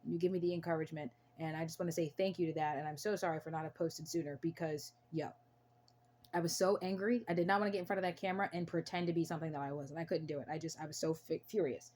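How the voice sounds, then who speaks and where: Earnest young woman vlogger, low voice. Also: steady tone, fast talker, a little mellow, slight background noise. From United States. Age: young adult. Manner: earnest and emphatic, repeats phrases. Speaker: channel host. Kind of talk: casual to-camera talk.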